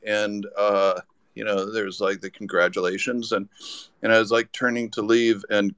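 A man's voice: lowish voice, little pitch movement, moderate pace, a bit bright, clean tone, no room sound. A man telling a rambling anecdote as a podcast guest, with lots of restarts. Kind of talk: casual storytelling.

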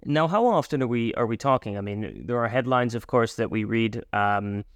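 A man's voice: medium pitch, lively intonation, moderate pace, smooth, no room sound, clean studio sound. A male interview host from North America asking a guest long questions with frequent restarts.

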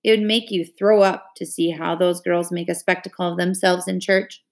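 A woman's voice: fairly low pitch, little pitch movement, normal speed, natural voice. A woman reading aloud, voicing a plainspoken country boy in a dry, blunt manner.

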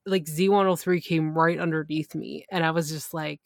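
A woman podcast host telling a personal story in a casual, animated way, full of exclamations. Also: deep voice, moderate pace, vocal fry, hardly any pauses, no echo, studio quality. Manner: animated, excitable retelling.

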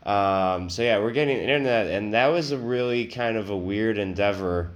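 A man's voice: fairly low pitch, normal speed. Crude rambling male podcast host. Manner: crude, rambling, self-mocking. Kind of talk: casual comedic podcast chat.

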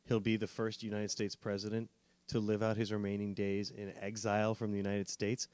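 Low-voiced man musing wryly. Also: completely flat delivery, fairly quick, darkish tone, clean tone, dry recording. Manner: wry, joking, musing. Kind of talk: political talk show chat.

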